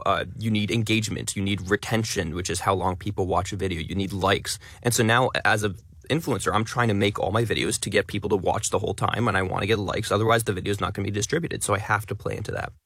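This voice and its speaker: A man who talks fast and stresses many words, a content creator being interviewed on radio in a studio. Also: lowish voice, a bit bright, dry recording.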